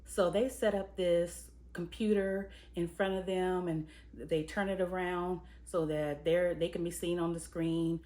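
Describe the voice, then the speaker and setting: Low-voiced woman recapping a TV episode. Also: fairly even intonation, a little slow, few pauses, mellow. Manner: chatty and conversational, with frequent "um" and "you know"; analytical, weighing craft choices. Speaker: TV episode reviewer, screenwriter and producer. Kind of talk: casual spoken episode recap and commentary.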